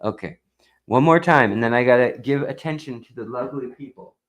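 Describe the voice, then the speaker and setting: A man hosting a live stream in casual chat, rambling and slow, now and then talking baby talk to his cat. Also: medium pitch, poor audio.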